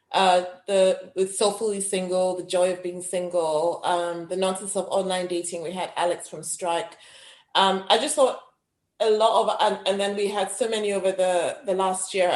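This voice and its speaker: Enthusiastic woman in a roomy echo. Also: fairly low pitch. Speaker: podcast co-host. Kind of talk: casual group chat.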